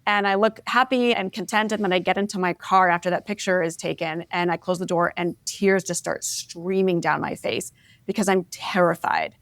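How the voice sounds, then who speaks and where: Expressive woman in her forties. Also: on the low side, normal speed, gravelly, dry recording. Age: 40s. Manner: expressive, reflective, frequent "like" and "right?". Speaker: interview guest. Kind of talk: candid conversational storytelling.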